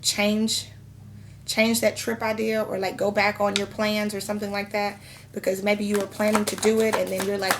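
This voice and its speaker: A woman's voice: mid-range voice, little pitch movement, moderate pace, heavy background noise. A woman in her thirties giving a casual tarot reading, talking frankly and chatting with lots of fillers. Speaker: tarot reader.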